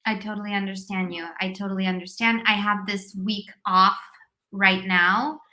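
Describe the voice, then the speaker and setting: Bright-voiced woman, enthusiastic live-stream host on a video call, mid pitch. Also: steady tone, moderate pace. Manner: upbeat, effusive, many thanks and praise. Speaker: host of teacher business coaching live stream.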